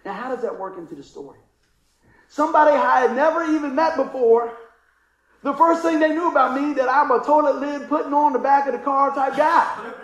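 A pastor preaches in a storytelling sermon, his voice sitting very high for a man. He chuckles often and slips into the voices of the people in his story. The sound rings around an echoey room. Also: a little fast. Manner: chuckling, animated storyteller acting out the people he quotes.

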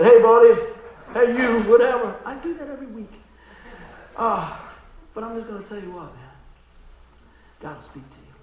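A man preaching in a folksy, emotional storytelling style, dropping to a hush and then rising to exclaim. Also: high-pitched, echoey room, muffled recording, slight background noise. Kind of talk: storytelling sermon.

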